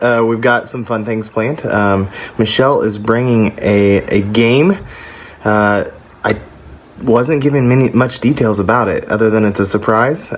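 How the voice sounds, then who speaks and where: An easygoing man opens and steers a casual podcast, in a mid-pitched, everyday voice. His speech is loose, with frequent ums and restarts. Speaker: podcast host.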